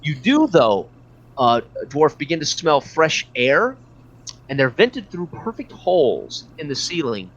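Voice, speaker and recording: A man narrating as game master in a tabletop game, describing scenes with frequent pauses and fillers. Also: on the high side, sing-song, slightly rough. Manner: hesitant, many fillers and restarts. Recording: dull lo-fi recording.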